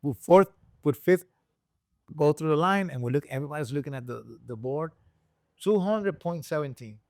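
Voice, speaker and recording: A man from Rico, a guest and engine builder telling a story in a casual interview, acting out the people he quotes with sudden high voices. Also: moderate pace, no room sound, clean studio sound. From Puerto Rico. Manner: animated storyteller who acts out quoted people with jumps in pitch.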